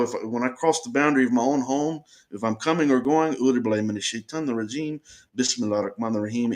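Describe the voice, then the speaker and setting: A man earnestly recounting a confrontation in the first person, insistent and repeating himself as he explains. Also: mid-range voice.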